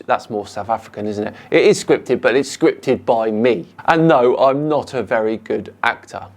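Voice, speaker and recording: A man with a British accent, calmly and sarcastically answering viewer comments as a channel host. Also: medium pitch, moderate pace, hardly any pauses. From United Kingdom. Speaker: YouTube science debunker host.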